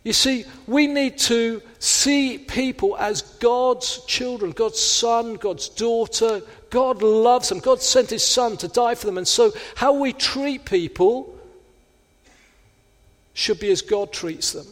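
A man's voice: very high voice, slow pace. A man preaching a sermon, earnest, sometimes acting out quoted inner voices. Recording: long hall reverb.

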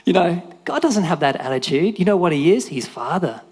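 A man giving a casual, animated sermon, acting out voices and rising to shouts. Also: sits high, fairly quick, slightly rough, big-room sound. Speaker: preacher.

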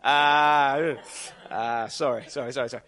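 A man preaches in a bright, forward voice at a middle pitch. He talks conversationally to the audience and presses his points with repeated rhetorical questions. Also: fairly even intonation, unhurried. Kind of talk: sermon.

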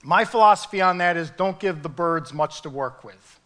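High-voiced, animated man preaching. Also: normal speed. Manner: animated, emphatic preaching with rising peaks. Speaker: pastor. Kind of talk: sermon.

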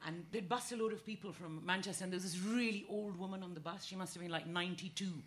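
Fast-talking woman on a panel. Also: medium pitch, a little hiss or hum. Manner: fast, animated storytelling, acting out voices. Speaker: panel guest. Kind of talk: comedy panel chat.

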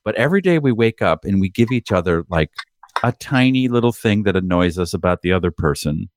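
A middle-aged man with a low voice trades blunt, profanity-laced anecdotes in relaxed podcast banter. The sound is dry and close, with no room around it. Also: fairly quick, no room sound. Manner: candid, profane storytelling. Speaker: podcast co-host. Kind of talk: casual chat.

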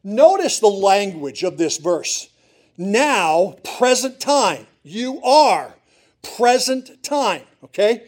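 A middle-aged man delivers a sermon from a church pulpit, his voice sitting notably high for a man. He preaches earnestly, leaning into pleas and repeating key words for emphasis. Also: very animated, takes it slowly, a little mellow. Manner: earnest, pleading, with emphatic repetitions. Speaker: pastor.

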